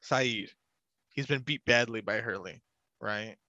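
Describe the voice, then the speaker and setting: A man's voice: medium pitch, measured pace, bright, forceful tone, no echo, lo-fi sound. Chatty young man recapping a show. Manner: chatty, laughs often, rambling asides. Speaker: podcast co-host recapping a TV show. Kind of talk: casual chat.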